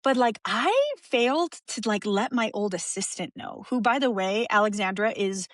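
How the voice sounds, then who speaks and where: A woman speaking as a podcast guest in an open, emotional way, often restarting her sentences and laughing softly. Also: mid-range voice, normal speed, dry recording, clean studio sound. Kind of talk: candid conversational interview.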